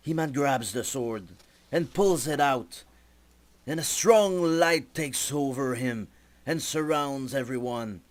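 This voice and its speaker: Slow-paced young man narrating a storyboard. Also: mid-range voice. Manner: slow, deliberate storytelling with small slips. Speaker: student presenter.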